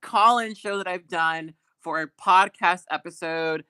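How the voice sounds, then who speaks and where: A woman hosts a live call-in show, rambling casually with plenty of fillers. Her voice sits on the lower side. The recording is dry and close, with no room sound. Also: a little slow, sharp tone, clean tone, dry recording. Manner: rambling and playful, many fillers and restarts. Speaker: podcast host. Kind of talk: casual live-stream chat.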